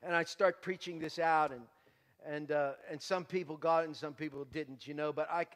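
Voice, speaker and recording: A male pastor giving his testimony as a sermon, passionate, moving from hushed to loud preaching. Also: a little high, steady tone, normal speed, long reverb tail.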